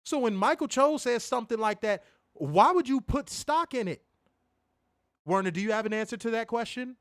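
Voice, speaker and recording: A man with a high, very animated voice rants through a casual review, emphatic and mocking, with frequent swearing. His pitch swings widely as he drives his points home. The recording is dry and close. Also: moderate pace, dry recording. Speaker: podcast host reviewing wrestling.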